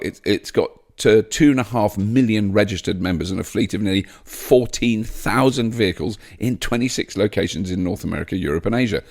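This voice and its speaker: A man hosting a solo podcast, rambling and self-mocking with frequent laughs. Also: on the low side. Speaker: podcast host.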